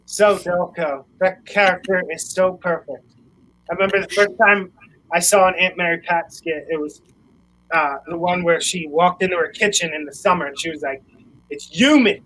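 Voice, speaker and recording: A man talks loosely on a video call, high-voiced and bright. He laughs often and rambles through restarts. A faint hum sits behind him. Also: poor audio. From Philadelphia area. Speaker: musician guest. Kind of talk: casual chat on a live video call.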